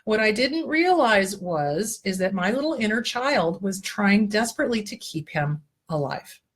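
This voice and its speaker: A woman with a husky, slightly breathy voice talks straight to her listeners as a therapist hosting her own show. She coaches them patiently through exercises, then drops in swear words and earthy asides. The delivery is plain and unpolished. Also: mid-range voice, moderate pace. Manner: blunt, earthy and profane, with lively asides. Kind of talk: casual self-help advice talk.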